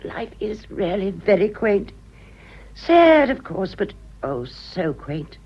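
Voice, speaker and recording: A woman's voice: mid-range voice, very animated, slow, muffled recording, exaggerated voice. An actress playing a chatty, gushing, whimsical society lady in a radio drama, with upper-class British speech.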